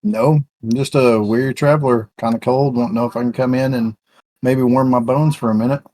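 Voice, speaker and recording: A man at a tabletop game speaks for his character in a casual, bemused tone. His voice sits at a middle pitch, and the sound is close and dry, with no room echo. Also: steady tone, brisk, dark tone. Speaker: player.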